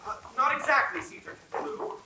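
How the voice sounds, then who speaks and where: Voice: brisk, natural voice. An actor on stage playing a fussy male headmaster who speaks in a formal, announcing way. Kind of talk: live stage acting. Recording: echoey hall from far off, faint noise.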